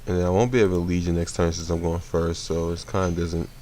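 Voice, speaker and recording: Casual card-game commentary comes from a sleepy young man who yawns as he plays. His pitch is low, his pace quick, and he often wanders off track and fixes what he just said.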